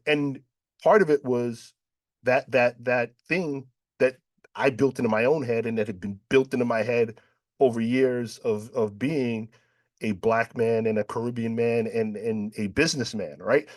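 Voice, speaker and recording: A man's voice: medium pitch, normal speed, no room sound. Guy from new york hosting a panel, storytelling, acts out the voices, dry sound. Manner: storytelling, acts out quoted dialogue, frequent "right?". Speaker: panel host. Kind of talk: panel discussion.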